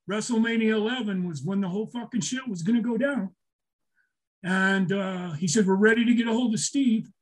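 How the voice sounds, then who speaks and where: An older man telling a story in casual talk, swearing a lot, getting emotional and restarting his sentences. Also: sits high. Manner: emotional, swears often, repeats himself. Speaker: storyteller guest.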